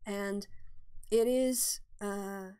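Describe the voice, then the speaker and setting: A woman's voice: mid-range voice, steady tone, extremely slow, mellow, clean tone. A middle-aged woman hosting a livestream, chatting casually and answering viewer questions, thinking aloud with many fillers and restarts. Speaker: livestream host.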